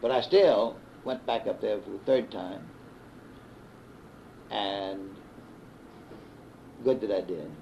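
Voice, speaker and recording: A man in his fifties with a Southern US accent, a sports broadcaster telling stories in an unhurried interview with many pauses and restarts. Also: fairly low pitch, gravelly, a little hiss or hum. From American South. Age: 50s. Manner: unhurried storyteller with frequent "uh" restarts. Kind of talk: reminiscing interview. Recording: dull 1960s reel-to-reel tape.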